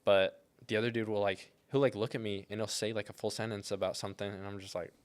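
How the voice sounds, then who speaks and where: A man's voice: lowish voice, steady tone, quick pace, clear, resonant tone. A young man co-hosting a podcast, telling rambling stories in casual chat and filling them with "like". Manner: rambling storyteller, heavy use of "like". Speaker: podcast co-host.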